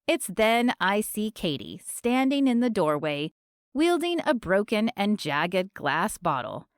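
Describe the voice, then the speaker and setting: A woman narrating a romance audiobook in the first person, expressive and storytelling. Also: mid-range voice, takes it slowly, no echo, clean studio sound.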